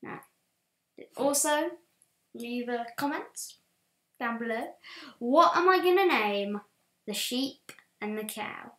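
A woman hosts a let's play, commenting on her game with excitable outbursts that drop to low muttering. Her voice sits a little high and she talks at an unhurried pace. The room has an echo. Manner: excitable, swings from quiet muttering to loud shouts. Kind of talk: gameplay commentary. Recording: roomy echo.

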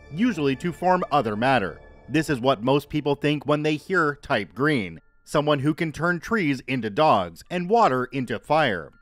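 A man narrating a scripted horror story in a measured, even reading voice. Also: on the high side, no room sound.

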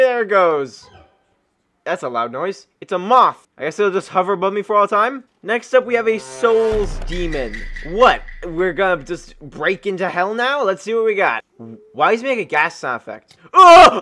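A man with a high, bouncy voice gives gameplay commentary that keeps jumping into yelps and shrieks of surprise. His tone is bright and sharp, and he talks into a desk mic at home. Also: very animated, unhurried. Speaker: gaming YouTuber.

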